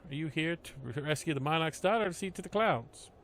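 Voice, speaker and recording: A streetwise male gatekeeper, as a man reads him out, slangy and sardonic. The voice sits fairly high for a man. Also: lively intonation, quick pace, fairly bright tone, a little hiss or hum. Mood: welcoming. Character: gruff male compound gatekeeper, wry and streetwise.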